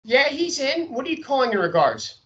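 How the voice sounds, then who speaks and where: A wary receptionist screening a caller, put on by a man raising his voice, guarded and clipped. Her voice sits high above a man's usual range and comes out bright. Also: very animated, brisk, lo-fi sound, full character voice. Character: female office gatekeeper, wary receptionist.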